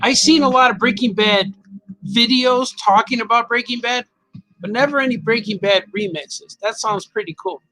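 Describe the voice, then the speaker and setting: Bright-voiced, chatty male cartoonist. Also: very high-pitched, moderate pace, soft background music, low-quality recording. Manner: chatty, playful, reads viewer comments aloud. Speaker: cartoonist livestreaming his drawing. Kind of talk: casual chat while drawing.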